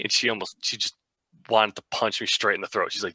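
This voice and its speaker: A man's voice: lowish voice, fairly even intonation, quick pace, bright, forceful tone, dry recording. A young man co-hosting a podcast, telling a rambling, self-mocking story in a casual way. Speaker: podcast co-host.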